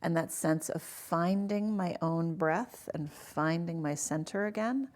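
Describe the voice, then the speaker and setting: A woman in her forties telling her own story in a casual podcast interview, animated and acting out the people she quotes. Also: lowish voice, measured pace. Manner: animated, acts out voices in her stories. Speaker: guest.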